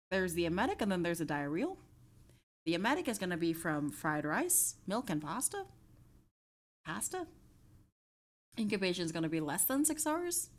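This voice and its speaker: A woman streamer with a lively, swooping voice, chatting casually and reviewing study notes. She sounds playful and teasing and repeats her lines, with her pitch rising and falling often.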